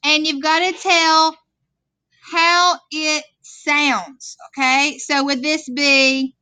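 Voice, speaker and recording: A woman's voice: high voice, flat delivery, drawn-out words, pushed and bright, dry recording. A woman teaching a vocabulary lesson, patiently explaining words and checking in with "okay?". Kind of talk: classroom worksheet lesson. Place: classroom screen recording.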